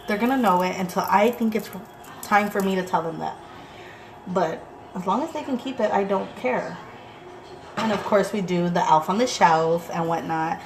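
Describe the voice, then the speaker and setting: A woman's voice: on the low side, slight background noise. Chatty, blunt young mother vlogging. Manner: chatty, blunt, swears freely, acts out quotes animatedly. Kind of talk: casual chat to viewers.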